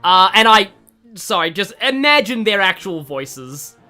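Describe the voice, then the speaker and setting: An Australian streamer rambles through casual gaming commentary, quick to poke fun at themself. The voice is bright and moves lively up and down, over faint game music. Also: medium pitch. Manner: rambling, self-deprecating, many fillers.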